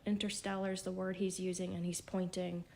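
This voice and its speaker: In an emotional spiritual vlog, a woman who calls herself psychic speaks tearfully and shakily, her words halting and half-whispered. Her voice is on the low side, level, and warm, with vocal fry.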